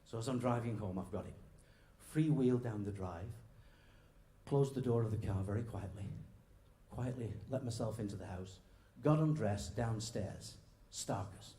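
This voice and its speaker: A man's voice: lowish voice, moderate pace, dark tone. A man, an after-dinner comedian, telling joke stories and playing out both sides of each dialogue. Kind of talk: stand-up storytelling with jokes. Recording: roomy hall echo, faint background noise.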